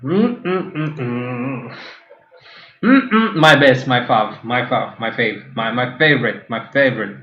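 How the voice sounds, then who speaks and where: A man's voice: medium pitch, animated, takes it slowly, roomy sound, highs cut off. A man hosting a casual reaction video, sarcastic and swearing freely as he mocks clips. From Mauritius. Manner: sarcastic, swears freely, switches between English and French. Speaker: host reviewing TikTok clips.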